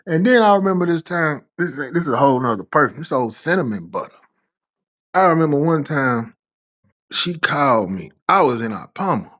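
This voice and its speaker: Animated slangy man telling stories. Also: a little high, a little fast. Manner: animated, swears freely, slangy. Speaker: storyteller. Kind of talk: casual anecdotal storytelling.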